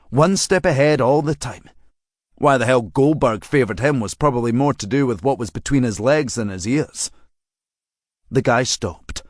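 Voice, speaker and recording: A male narrator reading a crime novel audiobook in measured, dry storytelling. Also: medium pitch, dry recording.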